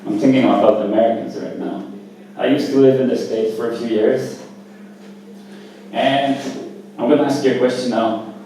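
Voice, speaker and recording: A man performing open mic stand-up comedy at a small cafe, talking in a casual, halting way with lots of fillers. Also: mid-range voice, fairly even intonation, dark tone, heavy reverb, far from the mic, a little hiss or hum, poor audio. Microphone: handheld stage mic.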